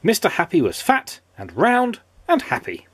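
Man, dad reading a children's storybook, playful, sing-song, husky, dry sound. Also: high voice, wildly swooping pitch, normal speed, a bit bright, no echo. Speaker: father reading a storybook aloud.

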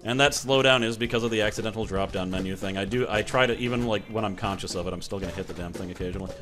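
A man's voice: on the low side, very fast. Man doing sarcastic game commentary. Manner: sarcastic, excitable, shouts at the game. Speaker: gaming channel host. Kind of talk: let's-play commentary.

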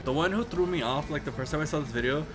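A man co-hosting a reaction video, chatting casually in an animated way, swearing freely and laughing often. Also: a little high, quick pace. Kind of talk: casual chat. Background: loud rock music from the video.

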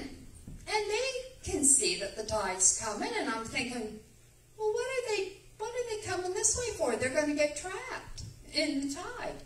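Excitable woman testifying in church. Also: high-pitched, slight background noise. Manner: excitable, rambling, emphatic. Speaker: church member giving testimony. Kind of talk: animated testimony storytelling. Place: church sanctuary. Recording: echoey church room, distant mic.

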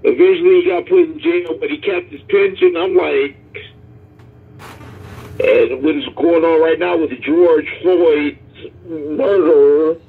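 A man co-hosting a podcast, adding slow, measured remarks and short agreements. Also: fairly high pitch, gravelly, breathy edge. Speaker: podcast co-host. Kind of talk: casual podcast chat. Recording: tinny phone-like line.

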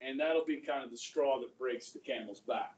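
The voice is a man's, mid-range and darkish, at a moderate pace, with the highs cut off. He's a history teacher lecturing in a chatty way, quizzing the class and acting out quotes, in roomy classroom audio taken from a distance.

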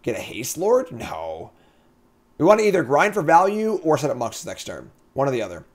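A man streaming a card game, thinking aloud through his plays and breaking into excited outbursts as he talks to chat. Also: medium pitch, fairly quick. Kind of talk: casual gameplay commentary.

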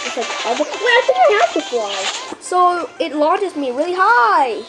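Female gaming host, wide-ranging voice, excitable play-by-play with frantic repeats. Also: very high-pitched, very noisy. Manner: excitable, panicky outbursts and shouted countdowns; repeats phrases rapidly under pressure. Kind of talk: live gameplay commentary.

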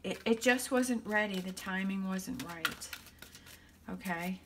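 A woman's voice: medium pitch, slow, background noise. A woman giving a tarot reading to her viewers, thinking aloud in a reassuring way and often checking in with "okay?". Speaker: tarot reader.

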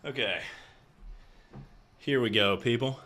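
A man's voice: mid-range voice, slow pace, bright, forceful tone. A young man streaming a game live, chatting casually and swearing freely as he talks to his chat between rounds. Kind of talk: casual livestream chat while playing. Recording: roomy echo.

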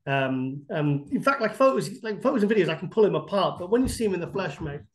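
A man with a high-pitched voice talks in a podcast interview. He rambles through lively anecdotes, restarting sentences and filling gaps with "um" and "you know.". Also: fast talker. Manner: animated, rambling anecdotes with many fillers and restarts. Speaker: bodybuilding guest expert.

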